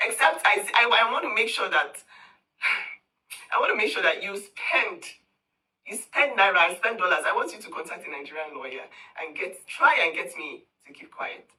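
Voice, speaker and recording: Woman going off in a mocking rant, super bright sharp voice, bit far from the mic. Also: mid-range voice, expressive, normal speed. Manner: scornful and confrontational, taunting. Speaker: social media commentator. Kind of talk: heated direct-to-camera rant.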